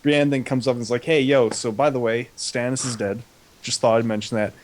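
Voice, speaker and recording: Brief: young male co-host, casual comedic recap, slangy offhand delivery, mid-pitched voice. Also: fairly even intonation, a little fast. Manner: goofy paraphrasing with slangy quoted voices.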